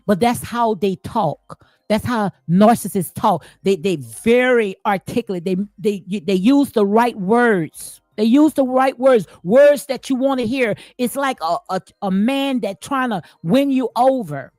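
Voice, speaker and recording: High-voiced woman ranting blunt, aave slang, dry close mic, faint music behind. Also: a little slow, darkish tone, no room sound. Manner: blunt, preachy, repeats herself, slangy. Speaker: commentary channel host. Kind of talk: casual reaction commentary.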